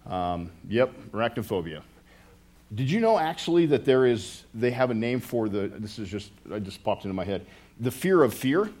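Middle-aged pastor, casual and conversational, mid-pitched voice, self-interrupting, quick with a joke for the pews. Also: male voice, very animated, darkish tone. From United States. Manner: rambling, self-interrupting, with joking asides to the congregation.

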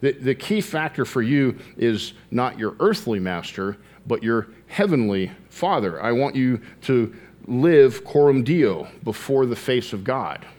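A man preaching a sermon, earnest, slowing down to stress key phrases and rising in pitch as he tells a story. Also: expressive, a little mellow.

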